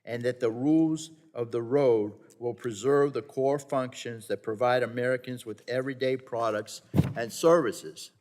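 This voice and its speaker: An earnest man making a formal statement at a committee markup, pressing his point by repeating himself and sometimes tripping over words. His voice rings out through a large hearing room with a long trailing reverb, at an ordinary middle pitch. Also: fairly even intonation, moderate pace, darkish tone. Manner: earnest, insistent, with repeated phrases and some stumbles. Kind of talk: formal floor speech.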